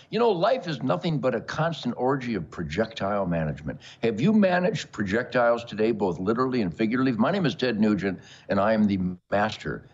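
A man's voice: medium pitch, breathy edge, lo-fi sound. An older man hosting a show, rambling to camera in a bombastic, boastful, joking manner. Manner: boastful, bombastic, jokey, with frequent laughs. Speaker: show host.

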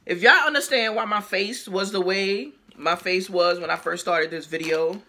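Bright chatty woman vlogger. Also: mid-range voice, normal speed. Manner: chatty and exclamatory, addresses viewers directly; chewing while talking at times. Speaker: haul vlogger. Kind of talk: casual haul vlog chat.

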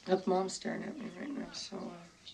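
An actress playing a frank, teasing young newlywed daughter in a film. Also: female voice, lowish voice, animated, moderate pace, darkish tone, natural voice. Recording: film audio with background noise.

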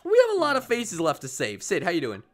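A man's voice: high-pitched, wildly swooping pitch, quick pace. A man giving let's play commentary, mocking and sarcastic, laughing often. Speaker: gaming streamer.

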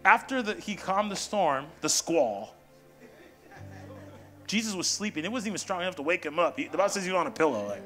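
A pastor preaching in a high, bright-pitched voice, punchy and playful, calling for the congregation to answer him. Music plays clearly underneath his sermon. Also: very animated, fairly quick. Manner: call-and-response, punchy, playful asides. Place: church sanctuary. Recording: music behind.

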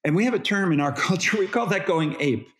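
A man as a parenting expert guest in an interview, explaining in an animated, demonstrative way and acting out how parents talk to toddlers. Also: sits high, fast.

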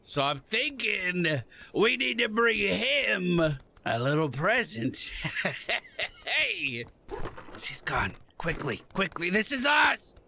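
A man with a high, bright voice narrates his gameplay in unhurried casual commentary. He gets excitable, yelling and swearing at the characters on screen. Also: gravelly, slight background noise. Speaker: gamer playing a goose game. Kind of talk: casual let's-play commentary.

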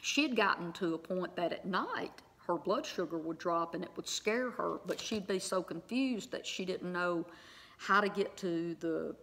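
A woman's voice: fairly low pitch, a bit bright. A middle-aged woman telling a personal story to her viewers in a chatty way, full of fillers and little tag questions. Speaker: online Bible teacher.

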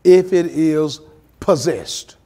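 A male pastor leading a Bible study in church, preaching with dramatic pauses, acting out quotes and dropping colloquial asides. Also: on the high side, warm tone.

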